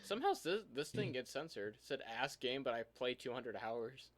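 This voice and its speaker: A man's voice: medium pitch, very animated, moderate pace, a loud crowd. A young man chatting casually with a friend, reading game reviews aloud and laughing through them. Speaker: YouTuber co-host.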